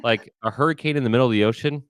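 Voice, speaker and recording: A man hosting a podcast interview, talking in an animated, emphatic way with frequent restarts. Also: medium pitch, very fast, smooth, no room sound. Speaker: podcast host. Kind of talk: conversational interview.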